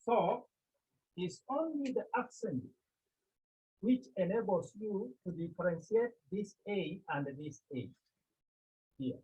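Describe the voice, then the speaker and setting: A man with a Cameroonian accent teaching a Greek class, speaking slowly and deliberately, often checking with his students. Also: high voice, expressive, dark tone, breathy edge. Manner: slow, deliberate, repeats key points and checks with "Okay?". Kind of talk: classroom lecture. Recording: tinny phone-like line.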